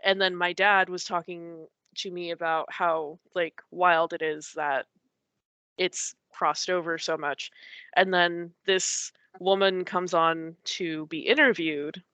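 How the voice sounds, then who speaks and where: Woman guest, bright clear voice, dry close sound, rambling casual storytelling with lots of likes and ums. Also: lowish voice, no room sound. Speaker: podcast guest.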